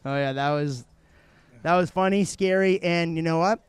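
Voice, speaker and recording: A man doing live play-by-play commentary, excitable and chatty, telling stories between runs and shouting on big tricks. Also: a little high, normal speed, clean tone, dry recording. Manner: chatty storyteller. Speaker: sports commentator.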